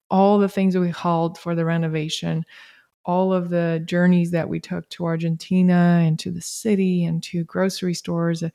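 A woman hosting a casual conversation, talking in a reflective, spiritual, unhurried way. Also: fairly low pitch, gravelly, warm tone.

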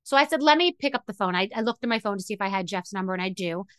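A woman's voice: mid-range voice, expressive, racing, smooth, no room sound. A middle-aged woman hosting a podcast, telling a personal story in an emotional, rambling way with many restarts. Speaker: podcast host. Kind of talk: candid monologue.

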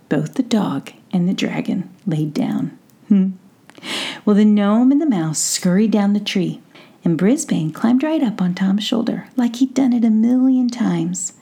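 A woman narrating a gentle bedtime story slowly and softly, often near a whisper. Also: mid-range voice. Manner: soft, slow and breathy, often near a whisper. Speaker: storyteller and podcast host. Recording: faint guitar music behind.

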